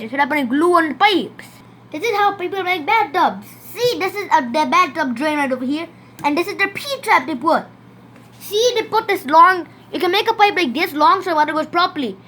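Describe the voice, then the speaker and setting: Very high-voiced Canadian woman demonstrating. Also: fairly bright tone. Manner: points things out again and again with "see", loose phrasing. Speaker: home-made plumbing video presenter. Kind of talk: casual demonstration.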